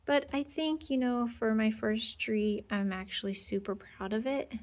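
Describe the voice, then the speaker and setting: This woman, a home decor vlogger, walks viewers around her decorated outdoor porch in casual narration, gushing, chatty, and packed with fillers and sweet asides. She speaks a little slowly, in a slightly high, a little mellow voice.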